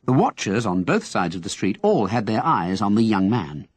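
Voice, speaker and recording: A man narrating an audiobook in an expressive storytelling manner. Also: on the low side, moderate pace, breathy edge, dry recording. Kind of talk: scripted narration.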